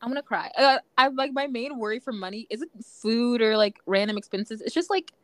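A young woman co-hosting a podcast in casual chat, talking fast with lots of "like" fillers. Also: a little high, expressive, dry recording. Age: young adult. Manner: chatty, many "like" fillers. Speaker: podcast co-host.

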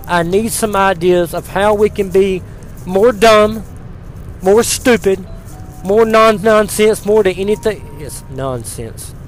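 A man's voice: sits high, steady tone, measured pace, faint music behind. A man hosting a comedy podcast, delivering a pompous, rousing parody of a political speech. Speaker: podcast host.

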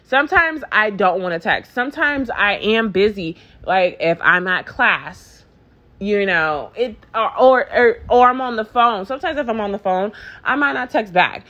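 A woman with a mid-range voice tells a rambling storytime at normal speed in a casual chat, heavy on profanity and fillers. She animatedly acts out both sides of the conversation, and the recording has its highs cut off.

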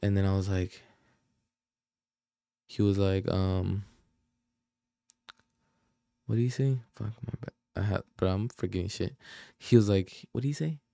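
A man's voice: low-pitched, measured pace, vocal fry, long pauses, dark tone, no echo, clean studio sound. A young man hosting a podcast, telling a rambling story in a casual chat, full of slang and swearing, often losing his train of thought. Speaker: podcast host.

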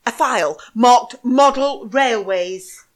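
A woman voicing a jealous, drunk, vengeful wife who is shrill and tearful, in an amateur audio drama. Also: slow pace. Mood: gloating.

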